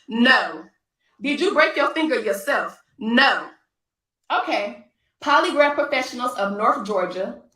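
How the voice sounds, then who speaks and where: Speaking straight into the camera, the woman vlogger delivers a forceful rant, hammering phrases through repetition. Her voice is fairly high and bright, recorded from a distance in a room with echo.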